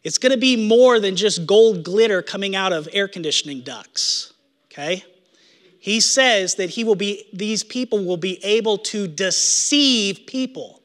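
Male pastor, high bright voice, earnest sermon delivery, long hall reverb. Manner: earnest preaching, repeats phrases for emphasis.

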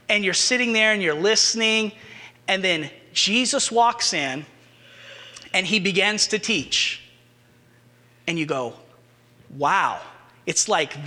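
A male pastor preaching a sermon, retelling scripture with animated, rising emphasis. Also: high voice, in a large hall.

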